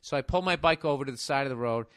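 A man with a Boston accent, a podcast host ranting in comedic, profane bursts, now and then laughing loudly. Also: mid-range voice, rapid-fire, clear, resonant tone, no echo, clean studio sound.

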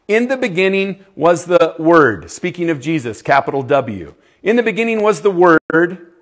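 Male youth preacher, slightly high voice, emphatic sermon delivery with sudden quiet stretches. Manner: emphatic, swinging from loud to hushed; asks the audience questions.

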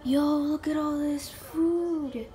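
A young woman giving casual gameplay commentary, excitable, gasping and dropping to whispers while she plays. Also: sits high, slow pace. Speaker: gamer. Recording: faint music behind.

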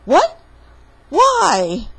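A goofy fox dad who plays along and then gets flustered, his voice leaping up when caught off guard, as a woman acts him out. Breathy and lively, read slowly as a storybook character. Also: medium pitch. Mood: alarmed.

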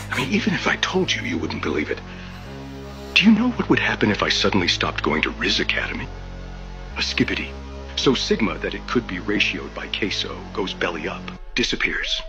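A man plays a menacing middle-aged villain in a comedic meme voiceover, his low voice swinging widely as he makes demands. The clip sounds dull and lo-fi, with loud music playing under it. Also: creaky. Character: parody of a menacing middle-aged male chemistry teacher turned villain.

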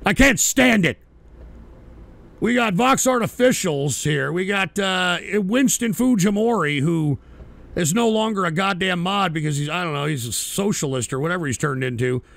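A man hosting a live stream reads out viewer names and cuts in with profane, sarcastic asides. His voice is high and gravelly. It sounds close and dry, with no room around it. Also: animated, normal speed, fairly bright tone, no echo. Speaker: streaming talk show host.

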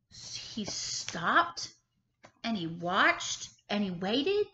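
Woman, kindergarten teacher, storybook read-aloud, lively high voice, dull echoey recording. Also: drawn-out words. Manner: expressive, stops to ask children questions. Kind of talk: reading a picture book aloud to children. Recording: echoey room, slightly dull sound.

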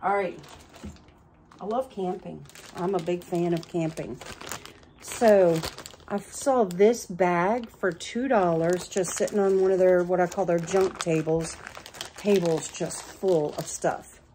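Slowly and in a lowish register, a middle-aged woman presents her thrift store treasures for a home vlog, with slight noise behind her. She's talkative and easily thrilled, fussing happily over every small discovery.

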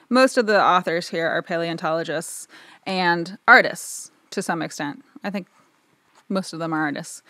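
A woman in her home recording studio, chatting to the camera in a rambling, easygoing way. Her voice sits on the low side, and the sound is close and dry with no room echo. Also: a bit bright. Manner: rambling, chatty, lots of filler words. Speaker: audio engineer and video host. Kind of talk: casual talk to camera.

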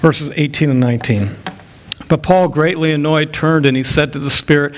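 A man's voice: fairly high pitch, steady tone, normal speed. A middle-aged male pastor preaching an expository sermon, rising to emphatic peaks when he quotes scripture.

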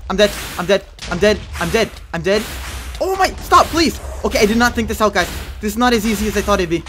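A man hosting a video game let's play, chatting to viewers and breaking into panicky yelling when things go wrong, speaking into a headset mic. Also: high voice, quick pace, faint music behind. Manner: excitable, panicky yelling under pressure. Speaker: gaming channel host.

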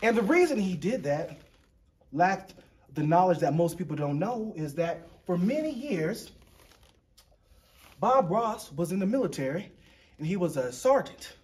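High-voiced playful man hosting a painting show. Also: big pitch swings, measured pace, long pauses, darkish tone. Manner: playful, chatty, jokey. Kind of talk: casual painting demonstration.

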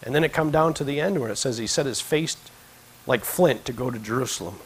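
A man preaching a sermon in a church, swinging between quiet conversational asides and impassioned, emphatic peaks. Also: mid-range voice, fairly quick, a little hiss or hum, rough recording. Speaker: pastor. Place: church sanctuary.

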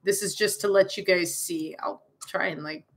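A woman's voice: on the low side, steady tone, moderate pace, fairly bright tone. A young woman streamer reading a visual novel aloud and rambling off into giggly, self-interrupting asides.

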